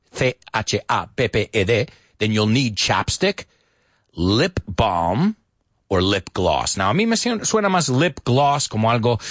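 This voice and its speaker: Male radio teacher, rapid, playful, swooping intonation, dry close mic. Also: medium pitch, slightly rough, no room sound. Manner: lively, teasing, switches between English and Spanish; talks fast. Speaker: English teacher and radio show host. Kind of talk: bilingual English lesson, casual.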